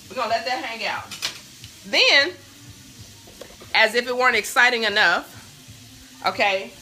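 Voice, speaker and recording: A woman's voice: a little high, sharp tone, slight background noise. A young woman hosting a live cooking stream from her home kitchen on a phone, chatting straight to viewers and easily sidetracked. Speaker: cooking show host. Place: home kitchen with bacon sizzling in a pan. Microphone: phone on a stand.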